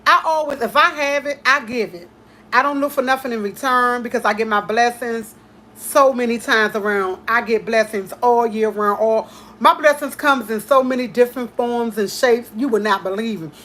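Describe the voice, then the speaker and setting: A woman hosting a casual chat, talking in an emphatic, repetitive way with heartfelt excitement. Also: fairly high pitch, normal speed, slight background noise. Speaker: host.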